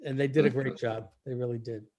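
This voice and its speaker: A man chairing a public town meeting over a video call, speaking in a relaxed way with many fillers. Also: medium pitch, quick pace.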